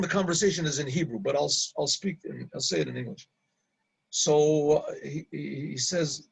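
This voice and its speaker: A middle-aged man, a rabbi, casually telling an anecdote, halting and repeating words and laughing at his own story. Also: on the high side, gravelly, breathy edge, rough recording.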